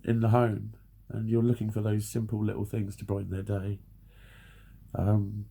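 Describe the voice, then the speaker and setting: A man's voice: on the low side, creaky, warm tone, slightly rough. A man in his forties giving blunt, sweary, earnest advice in a ranting monologue. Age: 40s. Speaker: vlogger.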